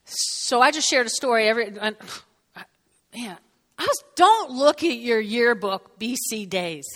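Animated woman preaching in a reverberant hall. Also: on the high side, unhurried. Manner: animated, sudden whoops and drops to a hush. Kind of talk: sermon.

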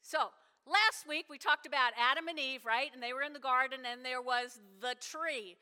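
A woman pastor preaching a sermon, telling animated stories and talking directly to her congregation. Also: high-pitched, normal speed, clean tone. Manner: animated storytelling with asides to the congregation. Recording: hall reverb.

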